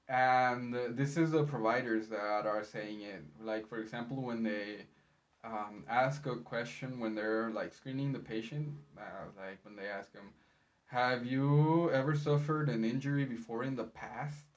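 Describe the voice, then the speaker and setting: Chatty man, muffled and a bit distant. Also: medium pitch. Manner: rambling, chatty storytelling with many fillers. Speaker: medical interpreter. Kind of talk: casual vlog recap.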